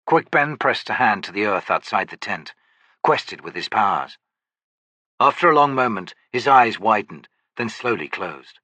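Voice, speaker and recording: A man narrates a fantasy audiobook with a bright, husky voice and a lively, expressive melody. His reading is measured and storytelling in manner. The recording is close and dry. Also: on the low side, dry recording.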